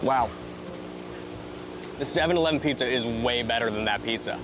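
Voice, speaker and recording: A man giving a casual food review in a video, excitable and profane, with quick asides. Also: medium pitch, background noise.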